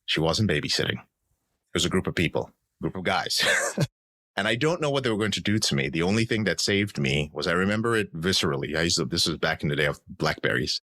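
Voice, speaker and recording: A podcast guest in his thirties tells his personal story earnestly and reflectively, acting out quoted voices. His voice is low, bright and forceful, animated and brisk, with no room sound.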